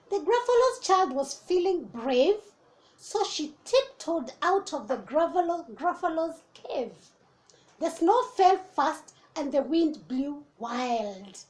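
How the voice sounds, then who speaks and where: A woman teacher reading a children's storybook aloud, expressive and animated, with asides to young listeners. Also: high-pitched.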